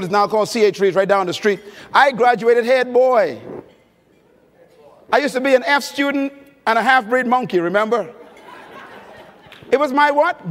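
A man's voice: very high voice, fairly bright tone. A male preacher giving an emphatic sermon at a conference, telling stories and prompting his audience. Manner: emphatic, storytelling, engaging the audience with questions. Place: large conference hall. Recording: long reverb of a large hall.

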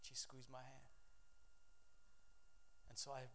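A man preaching a sermon, rising to loud, forceful declarations and dropping to quiet, hushed storytelling. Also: medium pitch, monotone, slow pace. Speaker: pastor.

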